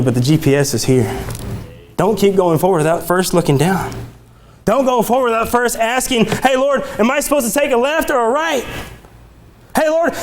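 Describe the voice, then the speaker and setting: A young man preaching in a church with a high, bright-sitting voice that climbs even higher when he gets fired up. He talks in a conversational way and keeps restarting his sentences. A faint room ambience hums behind him. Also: slight background noise. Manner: excitable, climbs high in pitch when worked up. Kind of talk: sermon. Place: church sanctuary.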